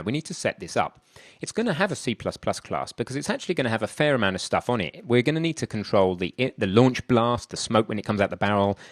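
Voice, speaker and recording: Male tutorial instructor, low-pitched, dry close sound, chatty and thinking aloud at the keyboard. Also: no room sound. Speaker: programming instructor. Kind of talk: screen-recorded coding tutorial.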